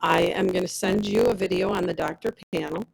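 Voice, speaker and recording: A woman's voice: fairly low pitch, fairly even intonation, fairly quick, creaky, poor audio. A woman giving a personal testimonial as a product rep, telling her story with animation and acting out the dialogue of others.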